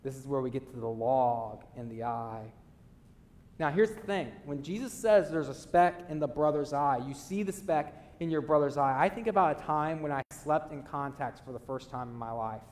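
A male pastor preaching a sermon, earnest, swinging between loud emphasis and quiet low asides. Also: expressive, moderate pace, in a large hall.

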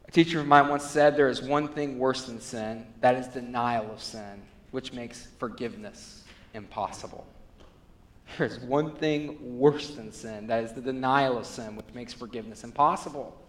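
A man preaching a sermon as pastor, moving between hushed, low passages and loud, rising appeals. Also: normal speed. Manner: preaching with wide swings between quiet, low passages and loud, high climaxes. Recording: long reverb of a hall.

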